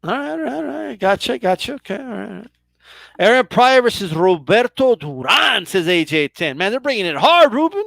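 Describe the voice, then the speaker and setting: A man's voice: sits high, sing-song, moderate pace, vocal fry, fairly bright tone, no echo. A man hosting a casual live stream, reading viewer questions and teasing his guest. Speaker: host.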